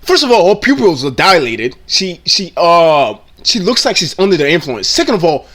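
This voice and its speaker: A man's voice: sits high, big pitch swings, normal speed, fairly bright tone. A man giving blunt, indignant reaction commentary, swearing freely and often repeating himself mid-sentence. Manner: repeats and restarts phrases often.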